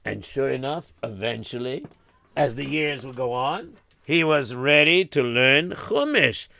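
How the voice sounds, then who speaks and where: A man's voice: mid-range voice, animated, a little slow, creaky, pushed and bright. A man telling a story in a folksy way, sprinkling in Yiddish and Hebrew words. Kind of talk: spoken storytelling.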